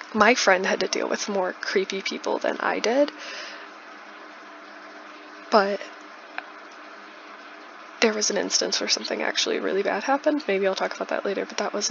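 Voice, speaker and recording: A chatty young woman tells a story in a loose, casual way, full of likes and restarts. Her voice is bright with a gravelly fry at the edges. The recording is dull and lo-fi, with a faint hiss behind her. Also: medium pitch, fairly even intonation, moderate pace, pauses often. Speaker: YouTuber. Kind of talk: casual storytime over a speed build.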